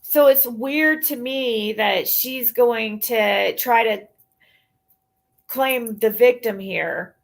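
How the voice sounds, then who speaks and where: A woman with a slightly high voice vents on a livestream, talking straight to her chat. She is blunt and exasperated and swears freely, close to the mic. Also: drawn-out words, vocal fry. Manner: blunt, profane, exasperated ranting. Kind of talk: casual livestream rant.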